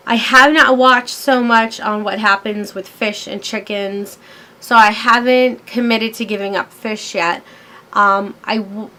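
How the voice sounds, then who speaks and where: Woman in her thirties, slightly high voice, chatty vlogger telling stories into her camera mic. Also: a bit bright. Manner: chatty, storytelling, many fillers. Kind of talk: casual rambling vlog.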